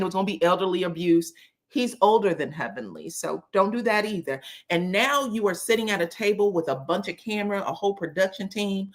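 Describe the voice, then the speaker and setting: A woman's voice: medium pitch, a bit bright. A woman recapping a reality show in casual talk, sassy and emphatic, swearing freely and acting out what the cast said. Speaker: reality TV commentator.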